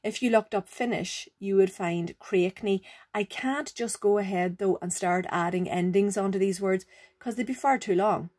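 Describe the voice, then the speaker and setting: A woman teaches a grammar lesson. She explains each rule patiently, repeats it, and keeps asking the learner whether they follow. Her voice sits at an ordinary middle pitch. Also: normal speed, darkish tone. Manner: patient, repeats rules, checks understanding with "right?" and "okay?". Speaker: Irish language teacher.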